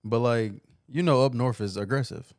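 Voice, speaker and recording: A man's voice: mid-range voice, moderate pace, a little mellow, dry recording, clean studio sound. A man with Michigan roots who grew up in the South, co-hosting a casual podcast chat in an easygoing, hesitant way. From Michigan roots, raised in the South. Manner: easygoing, hesitant, many fillers. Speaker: podcast co-host.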